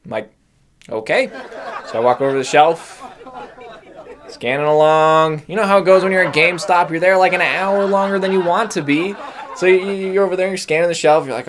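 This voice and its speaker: A man's voice: fairly high pitch, a little fast, crowd noise. A young man doing a rambling stand-up comedy set, laughing at his own jokes and mocking himself.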